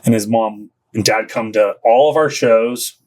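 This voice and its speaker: A man's voice: on the low side, measured pace. A man who plays in a band, talking casually in an interview, rambling with many restarts and laughing between phrases. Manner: rambling, full of "you know" and restarts. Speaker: band musician, podcast guest.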